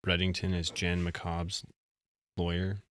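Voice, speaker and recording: Man, deep low voice, dry close sound, casual chatty live-stream co-host. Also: completely flat delivery, slow, fairly bright tone, no room sound. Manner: chatty, self-deprecating, thinks aloud.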